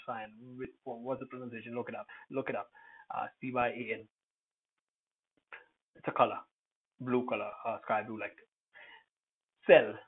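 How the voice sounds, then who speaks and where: A man teaching English pronunciation in a relaxed lesson, calling out single words loudly and explaining them with hesitant pauses. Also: mid-range voice, husky. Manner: hesitant, many uh fillers, thinks aloud. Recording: tinny phone-quality recording.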